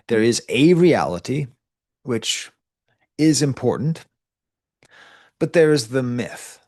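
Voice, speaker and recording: Chatty lecturing man, low voice. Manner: conversational and digressive, with frequent restarts and asides. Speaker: college professor. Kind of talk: recorded class lecture.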